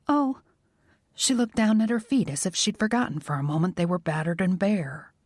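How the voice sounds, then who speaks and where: A woman's voice: on the low side, animated, moderate pace, no room sound, clean studio sound. A woman narrator voicing an exhausted, frightened young woman with a small, plaintive voice. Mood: dazed. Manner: plaintive, quiet.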